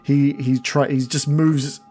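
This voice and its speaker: A man's voice: medium pitch, little pitch movement, slow pace, mellow, husky, soft background music. A man narrating a tabletop game as game master, loose and hesitant, with many fillers.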